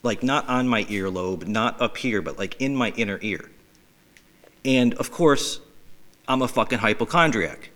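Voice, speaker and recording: A man's voice: fairly low pitch, unhurried, fairly bright tone. A man hosting a podcast, telling rambling, profane and self-mocking stories in a casual way. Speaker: podcast host. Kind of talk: casual storytelling.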